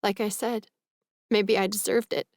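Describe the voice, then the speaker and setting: A woman reading the part of a heartbroken young woman, quiet and halting, in an audiobook. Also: mid-range voice, level tone, dry recording, studio quality, lightly acted. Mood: sad. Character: heartbroken young woman, tearful and soft-spoken.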